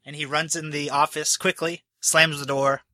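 A man's voice: fairly high pitch, little pitch movement, normal speed, pushed and bright, a little hiss or hum. A man narrating as game master for a tabletop game, casual and often laughing.

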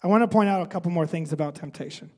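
High-voiced pastor preaching in a reverberant hall. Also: male voice, very fast, a little mellow. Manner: conversational, often adds "right?". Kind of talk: sermon.

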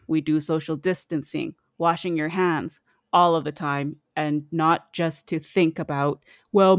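A woman chatting casually on a podcast, reading quotes aloud with animated asides. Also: low voice, dry recording, clean studio sound.

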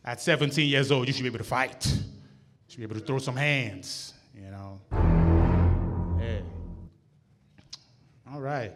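A man's voice: medium pitch, unhurried, long pauses, over loud music. A man doing a loose, slangy stand-up set in a comedy club, laughing at his own jokes.

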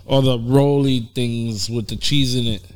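A man's voice: medium pitch, steady tone, unhurried, darkish tone, smooth. A man co-hosting a casual podcast, laid-back and stubborn when arguing his point. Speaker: podcast co-host. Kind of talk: casual chat.

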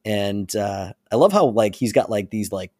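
A man's voice: fairly low pitch, moderate pace, no echo, studio quality. A man co-hosting a podcast, animatedly retelling a story in casual chat. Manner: animated retelling with frequent laughs. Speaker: podcast co-host.

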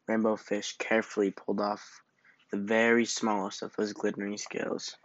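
A man reading a children's picture book aloud as storyteller, in a slow, gentle manner. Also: on the low side, completely flat delivery, dry recording, muffled recording.

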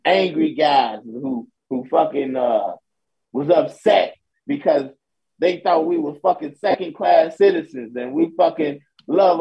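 A man co-hosting a podcast, ranting and mocking loudly in profane casual chat. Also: on the high side, gravelly. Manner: loud, ranting, mocking, laughs a lot. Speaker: podcast co-host. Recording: dull lo-fi sound.

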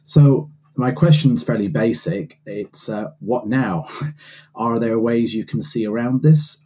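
A man from England with an English accent, leaving a polite, measured recorded question for a podcast host. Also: mid-range voice, warm tone, dull audio. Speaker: listener asking a question.

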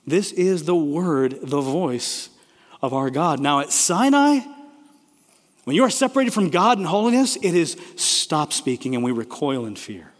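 A man preaching a sermon, swinging between loud emphatic declarations and hushed, quiet passages. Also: on the high side, sing-song, measured pace. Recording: long hall reverb.

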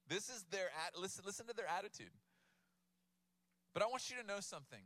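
Youngish guy preaching, casual and funny, bright voice, pretty dry sound. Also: sits high, fairly quick, no echo. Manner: casual, humorous, animated storytelling with laughs. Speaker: pastor. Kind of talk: sermon.

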